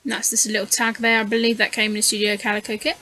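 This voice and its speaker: A tired scrapbooking channel host yawns through a casual voice-over of her process, rambling and hesitant with frequent fillers. Her bright, forceful voice is on the high side, rapid-fire, and completely flat. The recording is dry and low quality.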